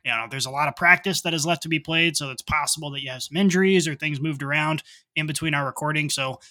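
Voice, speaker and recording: A man with a slightly high, bright voice co-hosts a casual podcast. He sounds confident and matter-of-fact as he lays out his points. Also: fast. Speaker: podcast co-host.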